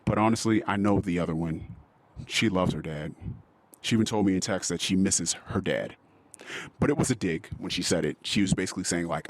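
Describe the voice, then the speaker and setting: A man's voice: low-pitched, fairly quick, slight background noise. A man hosting a podcast, talking emotionally and profanely in a personal monologue about his daughters. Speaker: podcast host.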